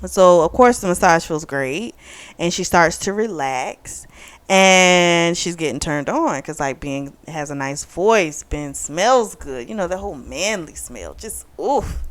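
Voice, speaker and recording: A woman's voice: lowish voice, lively intonation, a little slow. A woman hosting a book club channel, giving a chatty, opinionated review full of fillers.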